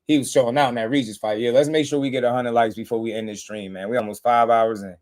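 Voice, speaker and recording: A man's voice: medium pitch, steady tone, fast. Slangy man hosting a boxing stream. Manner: slangy, loose, shouts out viewers. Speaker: live stream host. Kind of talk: casual boxing live stream chat.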